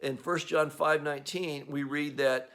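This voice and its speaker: A man's voice: fairly high pitch, fairly even intonation, unhurried, fairly bright tone. A man with an Australian accent preaching a sermon as pastor, in a conversational way with frequent fillers.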